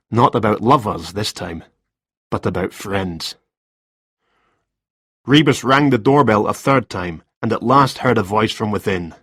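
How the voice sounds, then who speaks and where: A male audiobook narrator with a husky, fairly low voice, telling a detective story at a measured pace. The recording is close and dry. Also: no echo. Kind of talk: scripted narration.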